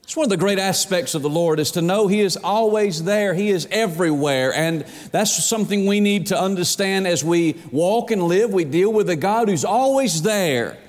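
A man preaching a sermon, reading scripture slowly and telling folksy stories. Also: sits high. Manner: reads scripture slowly, tells folksy anecdotes. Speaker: pastor. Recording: long hall reverb.

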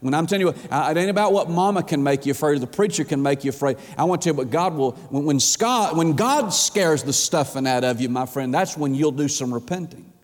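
Man, emphatic preacher, raised high voice, church sanctuary, long hall reverb. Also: brisk, few pauses. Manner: emphatic preaching with repeated rhetorical questions. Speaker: pastor. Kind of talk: sermon.

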